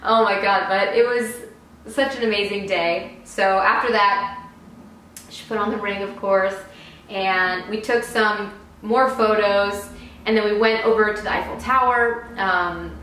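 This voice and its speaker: A young woman tells a casual storytime to her viewers with chatty, excited energy and frequent laughs. Her voice sits at an ordinary middle pitch. The recording rings with heavy room echo. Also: a little slow, a little hiss or hum. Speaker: vlogger. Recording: very echoey room.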